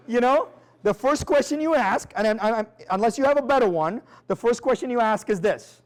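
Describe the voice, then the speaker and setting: A man giving a live seminar talk as a sales trainer, energetic and emphatic, firing rhetorical questions at the audience in a quick, conversational way. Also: high voice. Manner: quick, conversational, with frequent restarts and "like" and "right?".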